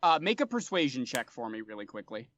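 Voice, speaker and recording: A man narrating as game master of a tabletop game, relaxed and full of fillers. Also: mid-range voice, fairly quick. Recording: dull, dry sound.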